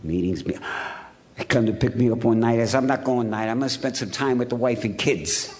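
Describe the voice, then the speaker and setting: Speaking briskly in a mid-range voice, this Ohio man shares his recovery story with an audience in a hotel conference hall. His delivery is punchy and wry, full of repetition.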